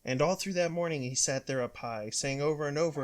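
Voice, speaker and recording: A man, a father, reading a rhyming picture book aloud with a steady rhythm. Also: on the high side, fairly quick.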